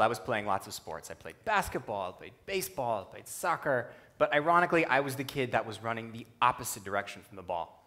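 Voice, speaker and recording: A young man giving a talk on a stage, telling a personal story with humor and an animated delivery. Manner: animated, humorous, acts out quotes in a lowered voice. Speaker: speaker at a youth conference talk. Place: stage before a live audience.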